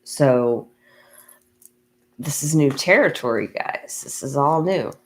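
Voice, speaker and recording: A woman giving a channeled tarot reading, talking slowly and meandering with many ums and restarts. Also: extremely low pitch, lively intonation, rough recording. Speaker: tarot reader. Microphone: USB microphone.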